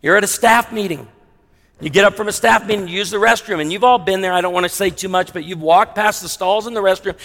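A man preaching a sermon as pastor, emphatic, slowing down hard on key lines, with wry asides. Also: high voice, a bit bright. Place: large church sanctuary with long reverb. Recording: long hall reverb in a sanctuary.

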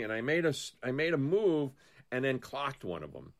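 A man co-hosting a casual political talk show, rambling and animated, telling stories with many restarts. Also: mid-range voice, a little fast.

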